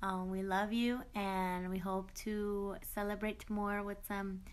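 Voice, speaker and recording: A woman's voice: mid-range voice, level tone, takes it slowly. A woman recording a friendly, casual birthday message.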